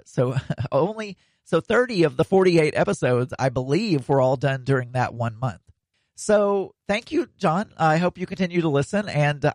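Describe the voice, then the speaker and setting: A man's voice: mid-range voice, a little mellow, no echo. A man hosting a casual solo podcast, rambling with plenty of fillers and restarts.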